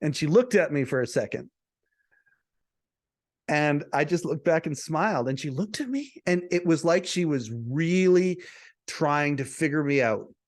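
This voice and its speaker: A man's voice: on the high side, lively intonation, a little slow. A man who hosts a podcast, telling a personal story to camera in a chatty way, often repeating words and restarting. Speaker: podcast host.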